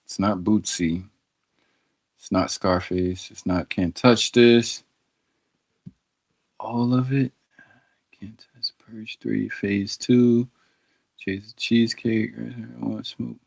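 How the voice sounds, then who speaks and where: Slow, low-voiced man streaming casually. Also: steady tone, vocal fry, darkish tone. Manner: thinks aloud, sounding out words slowly; talks directly to viewers in chat. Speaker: streamer studying Arabic. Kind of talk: casual live-stream chat.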